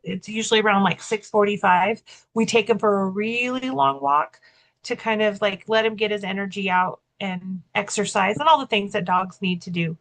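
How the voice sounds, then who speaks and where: A medium-pitched woman with a fairly bright tone speaks at a moderate pace on a rough recording. She's telling a story as a podcast co-host, and she's also a keynote speaker; it's a casual, chatty exchange packed with "like" fillers and restarts.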